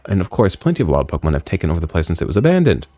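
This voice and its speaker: A man reading out a video game's dialogue in a put-on deep voice, playing a solemn former member of a villain group. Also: huge pitch swings, racing, dark tone, no room sound, soft background music. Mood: ominous. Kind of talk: reading game dialogue aloud.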